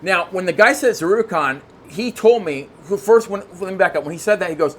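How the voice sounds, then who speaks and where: Excitable rambling male podcast guest, slightly high pitch, light background noise. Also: fast. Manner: excitable, rambling, many restarts. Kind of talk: casual storytelling chat.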